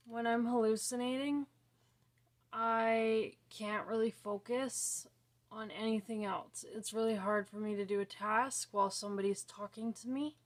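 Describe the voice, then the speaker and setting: Young woman vlogger, slightly high voice, unhurried delivery that fades out at the ends of sentences. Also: fairly even intonation. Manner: slow, soft-spoken, often trailing off quietly. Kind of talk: casual talk to camera about her own condition.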